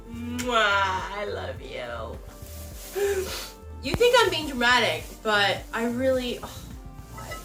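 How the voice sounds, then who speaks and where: A young woman YouTuber giggles and gushes while unboxing a gift at home, chatting casually and emotionally as someone else films her on a camera mic. Her voice is a little high and very animated, and she takes her time, speaking in a sharp tone over soft background music.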